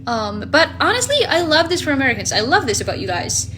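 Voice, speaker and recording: A woman's voice: high voice, big pitch swings, quick pace, fairly bright tone, slight background noise. A woman from Finland talking casually to camera, playful and gushing. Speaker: vlogger.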